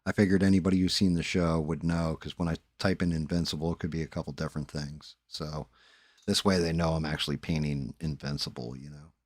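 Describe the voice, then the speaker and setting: A man's voice: rumbling low, steady tone, a little fast, no echo, clean studio sound. A man hosting a live stream, telling stories casually and swearing freely. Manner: laid-back storytelling with swearing.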